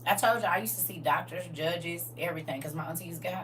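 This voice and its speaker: Woman around forty spinning stories, slangy and laughing, bright punchy voice, mic kinda far off. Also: lowish voice, quick pace, a little hiss or hum. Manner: animated, laughing, slangy storyteller. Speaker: livestream co-host. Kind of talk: casual storytelling chat.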